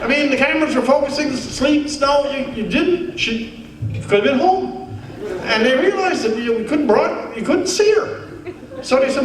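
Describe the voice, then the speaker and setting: There's some chatter behind this keynote speaker, a man from Newfoundland, Canada, with a high voice and a moderate pace. In a large conference hall, recorded echoey and far off, he tells funny stories in an animated, wry way that builds to earnest rhetoric.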